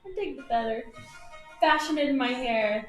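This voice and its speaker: A woman's voice: high-pitched, normal speed. A woman playing a tabletop game, chatty and playful with her character's shopping. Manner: chatty, playful, laughs easily. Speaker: player. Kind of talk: casual tabletop game chat. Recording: echoey room with clear music.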